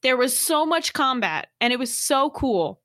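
A woman co-hosting a podcast in casual group chat, giggly and teasing with quick asides. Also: sits high, very animated, a bit bright, dry recording, clean studio sound. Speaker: podcast co-host.

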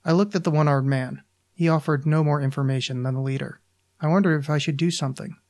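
A man, a podcast host, reading his own short story aloud in a deliberate, deadpan manner. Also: fairly high pitch.

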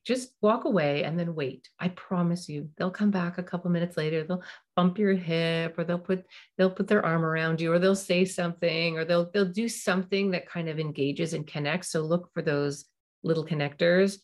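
A middle-aged woman hosting a parenting podcast, giving advice in a warm, animated way and acting out little example dialogues. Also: fairly low pitch, moderate pace.

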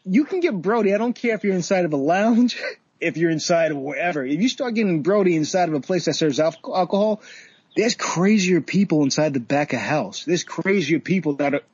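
A man, a bartender, casually telling a work story, animated, swearing and acting out what people said, with laughs. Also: fairly high pitch, brisk, husky, no room sound, highs cut off. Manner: animated, swearing, laughs often, acts out quotes.

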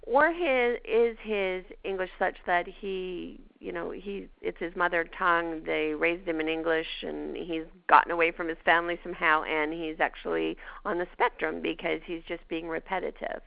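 A woman's voice: lowish voice, fairly even intonation, moderate pace, vocal fry, hardly any pauses, no room sound. A woman with a Canadian accent hosting a show, chatting casually and telling a personal story with laughs. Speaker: podcast host. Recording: dull lo-fi dry sound.

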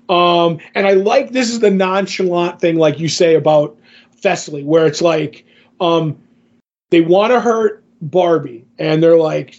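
Man, podcast co-host, quite high voice, casual comics chat, rambling with fillers, a bit dull lo-fi sound. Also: a little slow, a little mellow, slightly rough. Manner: rambling recap full of fillers. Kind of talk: casual comic book discussion.

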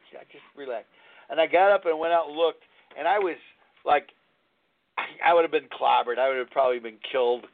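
A man's voice: fairly high pitch, fairly quick, vocal fry. Man in his sixties hosting live radio over a tinny line. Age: 60s. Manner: candid, rambling storytelling with frequent restarts. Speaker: radio show host. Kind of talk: live radio talk on recovery. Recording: tinny phone-line sound.

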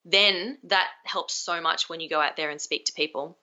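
A woman's voice: low voice, steady tone, normal speed, bright, forceful tone, lo-fi sound. A young adult woman, a communication skills coach, being interviewed over a video call, talking energetically and acting out example phrases.

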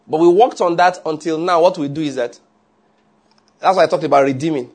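A man preaching a sermon in an animated way, often checking with his listeners. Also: a little high, brisk. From Nigeria. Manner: animated, asks the audience often.

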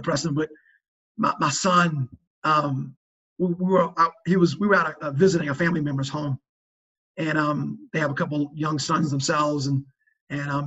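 A man's voice: fairly high pitch, a bit bright, husky, lo-fi sound. A man talking earnestly about fathering on a faith-based podcast, emphatic and preachy, often restarting his sentences. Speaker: father sharing parenting advice.

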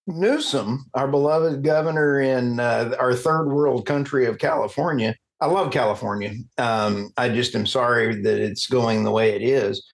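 A man's voice: medium pitch, normal speed, vocal fry, few pauses. A man hosting an energy podcast, talking with passion and getting worked up, then apologizing for it. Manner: impassioned, gets worked up and apologizes. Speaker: podcast host. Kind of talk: conversational interview.

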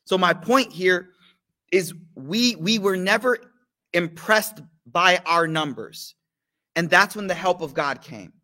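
A man's voice: fairly high pitch, bright, forceful tone. A man giving a casual sermon to a live study circle, talking in slang, asking the audience questions and mixing in recited religious phrases. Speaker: teacher leading a study circle.

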